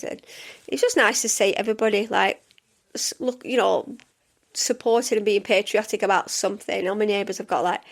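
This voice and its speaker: A middle-aged woman hosting her own podcast as a coach, chatting in a rambling, enthusiastic way full of fillers and restarts. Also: gravelly. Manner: enthusiastic, jumps up in pitch when excited. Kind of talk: casual solo podcast chat.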